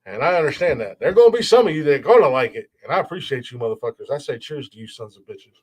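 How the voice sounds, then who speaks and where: A man's voice: fairly high pitch, big pitch swings, quick pace, slight background noise. A man hosting a solo podcast, ranting bluntly and profanely in a heated, restarting way. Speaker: podcast host. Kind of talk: opinionated solo podcast rant.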